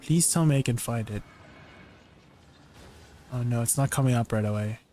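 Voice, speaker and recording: While gaming on a live stream, this young man, who isn't British, chats loosely with viewers, laughing easily and restarting as he rambles. He talks at normal speed in a medium pitch with a dark tone, and there's a little hiss or hum.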